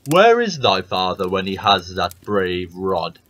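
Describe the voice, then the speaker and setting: Man voicing a wrathful giant for a fairy tale read-aloud; slow, loud, low and menacing. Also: very animated, heavily acted. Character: huge wrathful old male giant.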